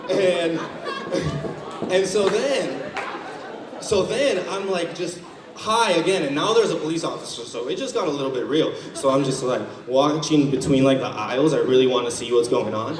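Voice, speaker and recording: A young man tells stand-up stories in a slightly high voice, slipping into the voices of the people he describes. He sounds far off in a roomy hall, with a loud crowd laughing around him. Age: young adult. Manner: casual storytelling, acting out quoted characters. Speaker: student comedian. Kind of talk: stand-up comedy set. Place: university auditorium stage. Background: laughing audience.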